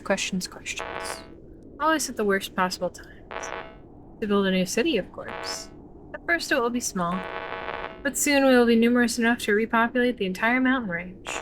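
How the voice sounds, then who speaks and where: A woman's voice: medium pitch, lightly acted, poor audio. Woman voicing a self-important commander, curt and impatient, for a game. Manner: haughty, impatient. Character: pompous impatient colonial commander on a radio.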